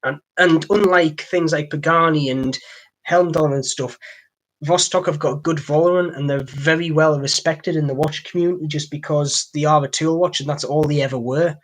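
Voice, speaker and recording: A man's voice: on the high side, fairly even intonation, normal speed. A man from North East England with a Durham accent, hosting a casual live stream from home and rambling along with "like I say". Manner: rambling, chatty, keeps saying "like I say". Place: home, next to his computer.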